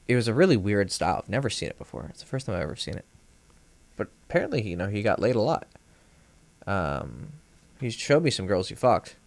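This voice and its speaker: A man who works as a dating coach tells a long, casual story on a livestream, and his voice has vocal fry on a dry recording. He rambles and swears freely, acting out other people's quoted lines with a rising pitch, with many fillers and restarts.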